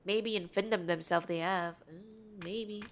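A woman's voice: medium pitch, steady tone, unhurried. A young woman streaming a game, chatting playfully and giggling while reading the game's dialogue aloud. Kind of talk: casual gameplay commentary.

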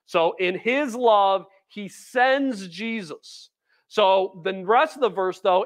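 A man's voice: a little high, fairly bright tone. A man preaching a sermon at a church food pantry, earnest and conversational, reading scripture aloud with emphasis. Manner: conversational, with fillers and repeated phrases.

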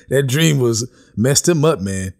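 A man's voice: medium pitch, gravelly, a little mellow. A man giving an earnest, casual spoken testimony, often stopping to check in with his listeners. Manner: earnest, repeats "okay?" and "man" for emphasis. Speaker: religious vlogger giving a testimony.

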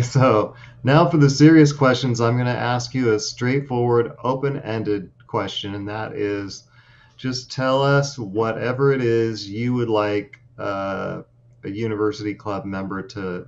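A man hosting a casual interview, asking relaxed questions with joking asides and hesitant fillers. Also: fairly low pitch, a little slow, highs cut off. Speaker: interviewer, club member.

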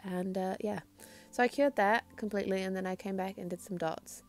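In this relaxed voice-over tutorial, a woman walks through her nail art at a slightly quick clip, her mid-range voice holding a steady tone. She is rambling, unsure of herself and self-deprecating, and her accent mixes New Zealand with English.

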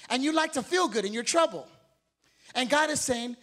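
High-voiced, exhorting male pastor. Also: moderate pace. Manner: energetic, exhorting, calls out questions to the congregation. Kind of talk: sermon. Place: church sanctuary.

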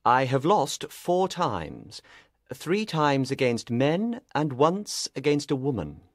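A grave, clever detective speaks in measured tones, as a man puts him on while reading aloud. His pitch moves in a lively way, and the sound is dry and close with no room around it. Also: dry recording. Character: calm, grave, clever male detective, middle-aged. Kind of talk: audiobook character reading.

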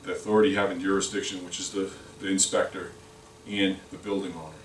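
A sales rep with a deep voice and little pitch movement talks fast while giving a product training at a lunch-and-learn. He rambles, repeating words and restarting often. The meeting room recording is echoey, distant and faintly noisy.

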